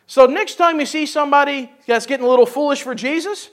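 A man preaching a sermon, animated and joking, with folksy asides and laughter. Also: very high voice, fast talker. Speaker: pastor.

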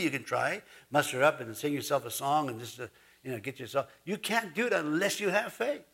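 A man delivers a sermon in a relaxed, folksy manner, chuckling between thoughts. His voice sits a little high for a man, and it climbs further when he gets emphatic and preachy. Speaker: pastor.

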